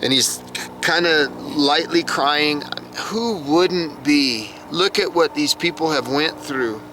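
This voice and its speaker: A man's voice: a little high, measured pace, background noise. A man recapping a TV episode from his notes in a chatty, reactive way. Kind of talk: casual recap monologue.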